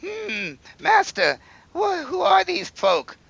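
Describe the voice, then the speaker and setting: Man doing a squeaky timid henchman. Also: huge pitch swings, slow pace, gravelly, a bit bright, highs cut off, a little hiss or hum, full character voice. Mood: meek. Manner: meek, deferential.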